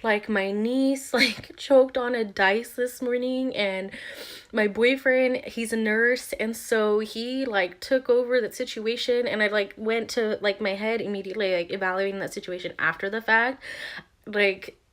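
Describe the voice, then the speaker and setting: A young woman vlogger with a slightly bright, higher-pitched voice keeps her intonation fairly even and her pace measured. She rambles through the story of a tense morning, full of fillers, restarts, and plenty of "like"s.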